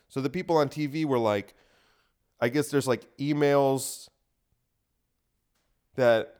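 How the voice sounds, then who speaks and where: A man's voice: mid-range voice, darkish tone. A man hosting his own podcast, ranting bluntly and with profanity in a casual solo monologue recorded in a home gym room. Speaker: comedian podcast host.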